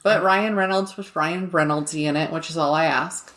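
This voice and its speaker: A woman's voice: low voice, normal speed, fairly bright tone. A woman co-hosting a podcast in casual chat, laughing often and swearing now and then. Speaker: podcast co-host.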